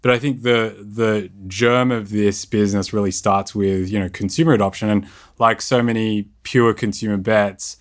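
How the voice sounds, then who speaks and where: Low-voiced probing male investor. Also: steady tone. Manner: probing, curious questions, measured. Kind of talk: investor questioning and verdict.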